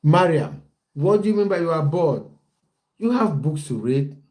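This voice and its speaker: A young man hosts a relaxed football livestream, talking to his viewers in a warm, mellow voice. He chats loosely, breaks off often and restarts his sentences, and reads out their comments as they arrive. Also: a little high, normal speed. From based in the United Kingdom. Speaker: football coach and livestream host. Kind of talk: casual livestream chat with viewers.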